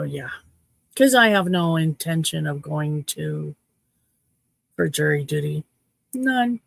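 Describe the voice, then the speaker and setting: Cheeky woman streamer in her fifties, gravelly voice, dry sound. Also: fairly low pitch, no echo. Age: 50s. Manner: cheeky, playful, chatty. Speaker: livestream host. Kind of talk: casual chat with viewers.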